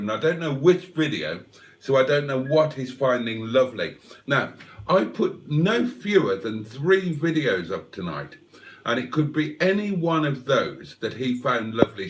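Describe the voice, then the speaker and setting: A man's voice: medium pitch, far from the mic. A man hosting a livestream and reading out chat in a playful, wry, mock-theatrical way. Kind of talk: casual chat.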